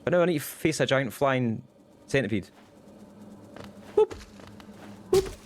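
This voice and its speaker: Man, young adult, game streamer, goofy, chatty, quick bursts, lots of ums, medium pitch. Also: expressive, a little hiss or hum. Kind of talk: casual livestream chat while gaming.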